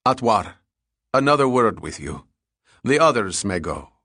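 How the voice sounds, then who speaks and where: A ruthless male crime boss, icy and deliberate, as a man reads him in an audiobook. His words come slowly, each one a quiet threat. The voice sits low and the sound is close and dry. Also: very animated, vocal fry, dry recording, full character voice. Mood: barking, commanding. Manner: slow, deliberate, icy menace. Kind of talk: audiobook character voice.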